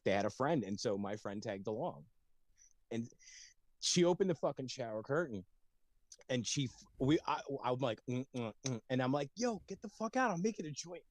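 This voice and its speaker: Guy in his 30s telling a wild story, swears a lot, lively up and down voice, dry sound. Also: mid-range voice, no room sound. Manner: rambling storyteller, laughs often, swears freely. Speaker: podcast co-host. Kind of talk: casual chat.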